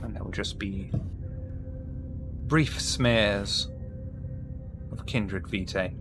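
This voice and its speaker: A man narrating a tabletop role-playing game as game master in a calm, measured way over an online call. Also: on the low side, over music.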